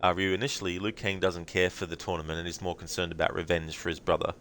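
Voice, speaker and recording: A man's voice: deep voice, little pitch movement, fast talker, fairly bright tone, slight background noise. An Australian man streaming a game, chatting casually with viewers in a rambling way. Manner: rambling, full of fillers.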